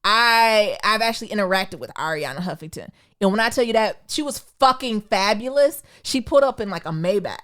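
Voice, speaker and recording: A woman from Detroit co-hosts a podcast, telling stories in casual, slangy chat and animatedly acting out quotes. Her mid-range voice moves fairly quickly, with hardly any pauses.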